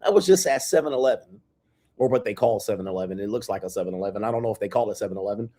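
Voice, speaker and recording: A man's voice: on the low side, warm tone. An American man hosting a live stream from a hotel room, bragging and hyping himself with a long run of titles. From United States. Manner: brash, swaggering self-hype with drawn-out titles. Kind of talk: boastful casual stream talk. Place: hotel room near an airport.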